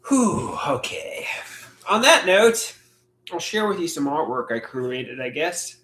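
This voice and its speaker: A man hosting a live solo stream, talking in a halting, reflective way with many filler words. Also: fairly high pitch, big pitch swings, pushed and bright, a little hiss or hum. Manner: halting, reflective, frequent "you know" fillers. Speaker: livestream host. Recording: echoey room.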